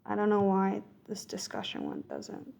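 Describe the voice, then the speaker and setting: A woman's voice: medium pitch, wildly swooping pitch, normal speed, creaky, darkish tone. A woman thinking aloud as she works through a coding exercise, correcting herself and murmuring code as she types. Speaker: coding tutor. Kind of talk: screen-recorded coding walkthrough.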